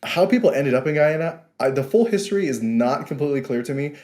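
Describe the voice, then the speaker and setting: A man's voice: on the high side, lively intonation, fast talker, darkish tone. Amused young New man in an echoey room. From Queens, New York. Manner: laughing, amused storytelling. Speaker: guest. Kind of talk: casual interview chat.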